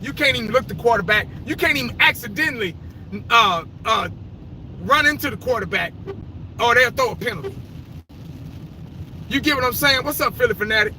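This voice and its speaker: Opinionated male fan, rambling and profane, very high bright voice; faint noise behind. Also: animated, a little fast, pauses often, poor audio. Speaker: fan vlogger. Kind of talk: casual sports opinion rant.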